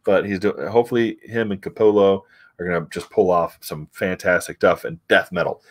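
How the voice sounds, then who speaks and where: Low-voiced male comic reviewer, loose and chatty. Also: fairly even intonation, brisk. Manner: chatty recaps with fillers and restarts. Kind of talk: casual review chat.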